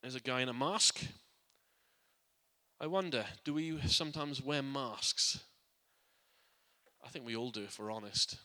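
A man preaching a sermon to a congregation. He speaks earnestly, often restarting or repeating words, and drops quiet and soft on his reflective points. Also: medium pitch, unhurried, long pauses. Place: church. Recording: long church hall reverb.

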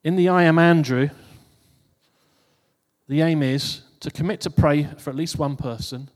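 A man with a fairly high voice preaches a little slowly to his congregation. His informal sermon has a chatty feel, with phrases repeated and started over. Long hall reverb surrounds the sound.

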